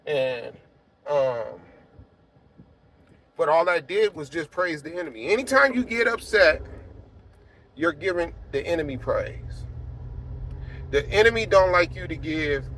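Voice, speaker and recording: A man in his forties tells a personal testimony in a relaxed, rambling way, with a fairly high voice for a man. He shifts from low, subdued stretches to loud, emphatic ones. A faint hum of traffic sits behind him. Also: normal speed. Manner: conversational, many fillers, swings from quiet to emphatic. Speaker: apostle sharing a personal testimony. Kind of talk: casual spoken testimony.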